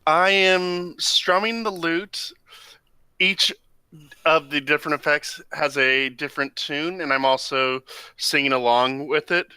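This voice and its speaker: A man playing a tabletop game, calmly describing his character's actions. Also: fairly high pitch, a little slow, clean tone, no room sound, poor audio. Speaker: player.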